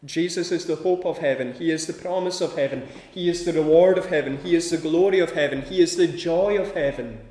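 A man's voice: fairly high pitch, a little fast, few pauses, darkish tone, reverberant. A man preaching a sermon with a rhythmic delivery, building his points through emphatic repeated lists.

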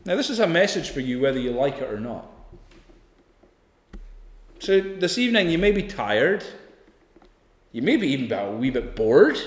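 A man preaching an evening sermon, emphatic, swinging from loud peaks to hushed lines. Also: on the high side. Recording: echoey hall, long reverb.

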